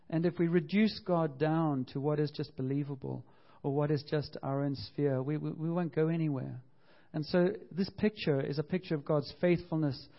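A man's voice: fairly high pitch, steady tone, moderate pace, few pauses, lo-fi sound. A man preaching a sermon with passion, often repeating himself and acting out the quotes he tells. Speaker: pastor.

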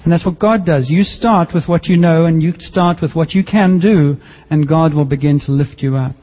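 An earnest male pastor preaches a sermon, his voice set a little high and pleading with the listeners. The sound is muffled and dull, and it rings out in a hall with a long reverb tail. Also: normal speed.

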